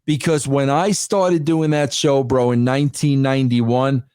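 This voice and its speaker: A man's voice: medium pitch, steady tone, a little slow, darkish tone, smooth, no echo. A man as an interview guest, talking emphatically in casual speech and calling everyone "bro". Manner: emphatic, says "bro" constantly.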